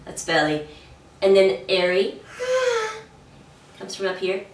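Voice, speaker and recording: Chatty woman puppeteer demonstrating voices, mid-pitched, recorded roomy and far. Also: fairly even intonation, slow. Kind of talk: casual show chat. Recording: roomy, distant mic.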